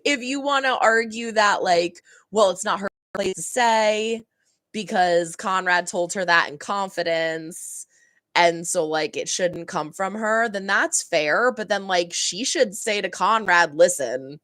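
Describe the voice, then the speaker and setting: A woman's voice: mid-range voice, a little slow, sharp tone, no room sound, clean studio sound. A young woman hosting a reaction channel, chatting casually and rambling about a TV episode, laughing often and acting out heated lines.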